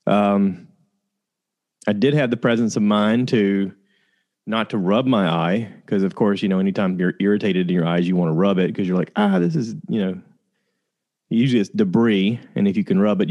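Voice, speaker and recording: A man casually telling a personal story to his listeners, candid and conversational, with frequent pauses and fillers. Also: fairly low pitch, steady tone, darkish tone, dull audio.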